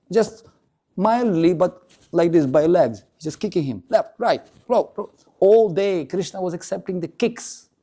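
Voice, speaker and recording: Man, devotional lecture, gravelly, dark voice, animated storytelling. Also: on the high side. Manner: animated, acts out the dialogue of the story; chants Sanskrit verses. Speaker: preacher.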